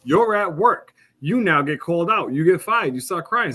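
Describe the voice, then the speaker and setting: A man's voice: high voice, animated, normal speed, pushed and bright. Man ranting bluntly on a podcast. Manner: impassioned ranting, blunt and profane. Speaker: podcast co-host. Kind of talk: casual podcast discussion.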